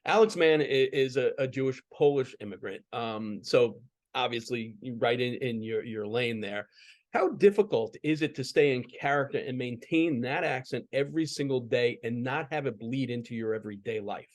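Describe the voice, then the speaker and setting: A man's voice: mid-range voice, moderate pace. A man hosting an interview, asking questions in a friendly, chatty way. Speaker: sports talk show host. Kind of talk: conversational interviewing.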